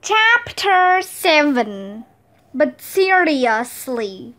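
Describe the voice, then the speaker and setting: A woman reading a children's book aloud, in slow, clear storybook narration. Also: high-pitched, fairly bright tone.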